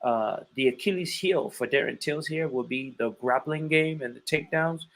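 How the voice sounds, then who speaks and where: A man with a bright, forward voice breaking down upcoming fights on a casual podcast. He talks emphatically and keeps repeating his points for weight. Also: fairly high pitch, normal speed, low-quality recording. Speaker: podcast host and fight analyst.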